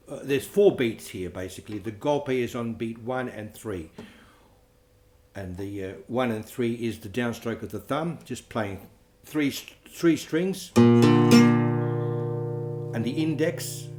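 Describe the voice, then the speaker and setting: A man teaching a flamenco guitar lesson, counting beats aloud and explaining strokes in a relaxed, offhand way. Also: mid-range voice.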